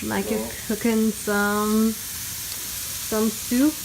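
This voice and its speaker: A young woman narrates a casual weekend vlog on a handheld camera, first outdoors by a mountain lake and later in a hotel room. Her voice is on the high side, flat, extremely slow and gravelly, and she's chatty, with laughs and many fillers, over loud outdoor background noise.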